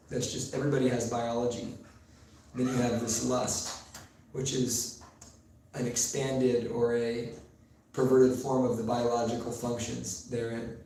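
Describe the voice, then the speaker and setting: A man giving a sermon in a temple hall, telling stories with pauses and fillers, recorded far from the mic in a very echoey room with faint noise. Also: mid-range voice, a little mellow. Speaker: preacher.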